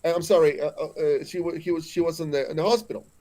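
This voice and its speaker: A man's voice: on the high side, steady tone, fast talker, dark tone. A man in his forties from Mexico with a Mexican accent, telling spiritual stories as a guest in an earnest, emphatic way, often restarting his phrases. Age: 40s.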